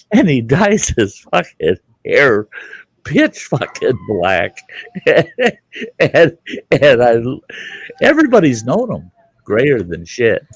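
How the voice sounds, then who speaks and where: A man's voice: fairly high pitch, dry recording. A man hosting a casual campfire chat, telling stories in a boisterous, profane way. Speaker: host.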